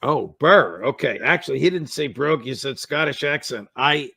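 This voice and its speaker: A man hosts an interview, his voice gravelly with a bright edge. He frames questions in a measured, formal manner, and the sound is close and dry with no room around it. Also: mid-range voice, animated, no echo. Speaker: show host.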